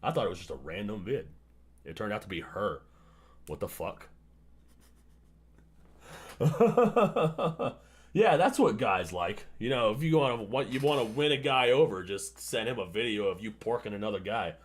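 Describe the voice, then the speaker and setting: A man's voice: fairly low pitch, big pitch swings, normal speed, breathy edge. A man hosting a livestream, reacting casually to a video, swearing often, laughing and ranting. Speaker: livestream host.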